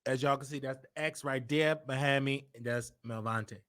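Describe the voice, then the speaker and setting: Preachy talk show host. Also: male voice, mid-range voice, steady tone, normal speed, a bit bright, no room sound, studio quality. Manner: preachy, lecturing the audience directly.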